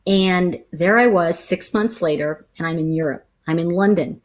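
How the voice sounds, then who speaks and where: A woman who teaches tarot chats casually on a livestream, telling animated stories that drift into tangents and answering viewer comments. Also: on the low side, moderate pace.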